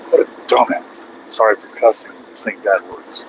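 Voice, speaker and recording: A male truck driver talking casually to his viewers while he drives, chatty and quick to rant at other drivers. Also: on the low side, vocal fry, a little hiss or hum, low-quality recording. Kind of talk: casual driving vlog. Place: truck cab on the highway.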